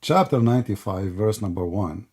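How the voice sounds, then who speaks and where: A man with a husky, slightly rough voice hosts a live debate stream. He fires pointed questions and keeps repeating words to hold the floor against his callers. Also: on the low side, animated, moderate pace, a little mellow. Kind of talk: argumentative debate talk.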